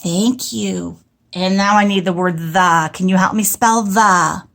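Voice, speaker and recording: A woman teacher giving an early-grade writing lesson, talking slowly in a sing-song way and stretching out words for young children. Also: on the low side, vocal fry, fairly bright tone.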